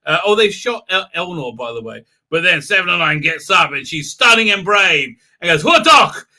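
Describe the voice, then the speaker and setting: A man with a high, very bright voice hosts a loose, off-the-cuff livestream recap of a TV episode. He rambles with constant fillers, speaks fairly quickly and expressively, and slips into mocking, silly voices for the characters.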